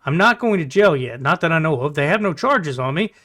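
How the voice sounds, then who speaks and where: Male vlogger, casual storyteller, high and bright, blunt and profane. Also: expressive, fairly quick.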